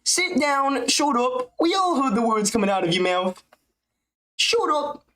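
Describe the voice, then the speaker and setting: A man doing a shrill scolding fighter impression. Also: animated, measured pace, pushed and bright, reverberant, heavily acted. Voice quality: raspy, squeaky high.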